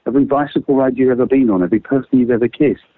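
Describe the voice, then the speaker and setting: Male creativity trainer, lively and casual, dry phone-quality sound. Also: rapid-fire, dry recording. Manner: lively, swings pitch widely, casual swearing. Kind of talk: animated explaining with quick exercises.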